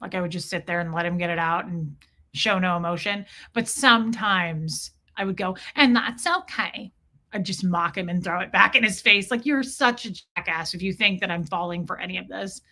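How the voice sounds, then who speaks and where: A woman's voice: on the low side, fairly quick. A middle-aged woman chatting candidly on her live stream, answering viewer comments and swearing freely as she talks about her ex. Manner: candid and animated, swears, mocks a condescending ex in quoted voices.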